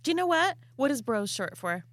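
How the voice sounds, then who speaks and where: Female joker of the group, higher voice, dry close-miked sound. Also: very animated, fairly quick, no echo. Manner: quippy, joking one-liners. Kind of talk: casual group chat.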